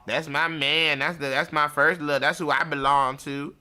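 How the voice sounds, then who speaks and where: A man's voice: a little high, flat delivery, moderate pace, bright, forceful tone. A man mimicking a preachy young woman. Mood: sanctimonious. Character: self-righteous young woman, mocked.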